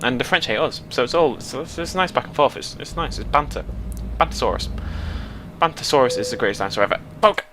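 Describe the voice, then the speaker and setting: A man's voice: mid-range voice, lively intonation, quick pace, music in the background. A young English man giving jokey, rambling commentary while playing a game and chatting to his viewers. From Britain. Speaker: let's play host. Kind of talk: casual gaming commentary.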